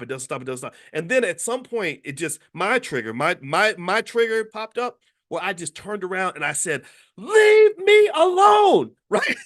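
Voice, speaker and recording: A middle-aged man from Kentucky telling a personal story in casual commentary, animated and stumbling over his openings. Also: fairly high pitch. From Louisville, Kentucky. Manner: animated, repeats words when starting sentences.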